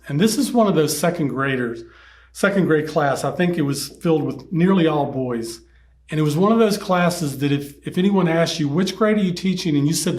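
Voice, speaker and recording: A man telling a story from teaching children, halting and repeating words, acting out the children's shouts in a higher voice. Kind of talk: storytelling talk.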